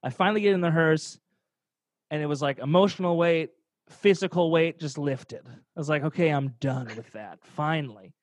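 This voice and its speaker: A man's voice: fairly high pitch, normal speed, no echo, clean studio sound. Profane, rambling young guy telling stories. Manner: profane, rambling, laughs through the story. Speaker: podcast storyteller. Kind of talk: casual storytelling chat.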